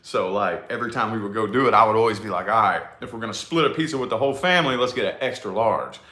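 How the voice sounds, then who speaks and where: A man, chatting casually and profanely to a live audience with a rambling, drawn-out delivery. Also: fairly low pitch, sharp tone. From New Albany, Indiana, USA. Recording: echoey room.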